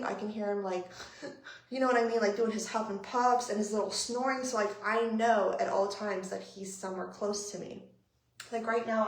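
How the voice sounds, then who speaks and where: Young woman, vlogger, fairly high voice, echoey room, animated storytelling, heavy swearing. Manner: animated, profane, acts out both sides of the story. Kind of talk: storytime vlog.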